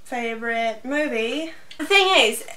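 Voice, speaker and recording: A young Norwegian woman with a Norwegian accent, answering fan questions in a relaxed, giggly way. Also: a little high, unhurried. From Norway. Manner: laid-back, giggly answers. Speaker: co-host. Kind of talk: casual Q&A chat. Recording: echoey room, off-mic.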